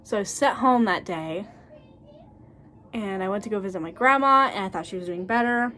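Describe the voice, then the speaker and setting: A woman in her twenties telling stories in a blunt, animated casual vlog, laughing often. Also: mid-range voice, moderate pace. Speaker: cosmetologist sharing school experiences.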